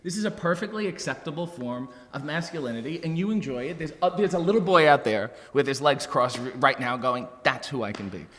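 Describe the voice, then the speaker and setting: A Canadian man, a professional wrestler, joking through an interview with mock-serious, deadpan wit. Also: fairly high pitch, brisk, hardly any pauses. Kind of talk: comedic interview banter. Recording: roomy reverb.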